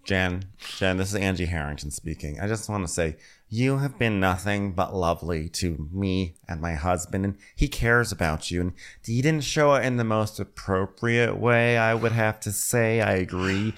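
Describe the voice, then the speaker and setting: A man playing a sugary reality-show woman who soothes and placates in a low, hushed voice. Earnest and a little breathy in its softness. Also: normal speed. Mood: soothing. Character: sweet-talking woman reality-TV star soothing a friend.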